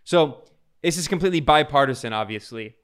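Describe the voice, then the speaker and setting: A man's voice: a little high, expressive, fairly quick, fairly bright tone, smooth. A man delivering an emphatic political commentary monologue, piling up long lists of charged words.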